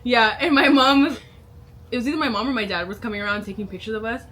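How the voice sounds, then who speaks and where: A woman's voice: a little high, fast, fairly bright tone. A young woman in a casual girl chat who giggles often while she talks. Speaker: co-host reading prompts. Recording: clear background noise.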